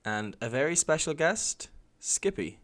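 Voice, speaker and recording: A man's voice: fairly high pitch, very animated, measured pace, fairly bright tone. A man hosting a casual group podcast, laid-back and joking, swearing now and then. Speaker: podcast host.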